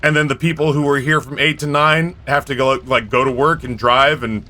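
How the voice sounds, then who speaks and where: A man's voice: mid-range voice, steady tone, fairly quick, pushed and bright. A man in his thirties streaming live, rambling casually in a self-mocking way and acting out both sides of conversations. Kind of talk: casual livestream chat.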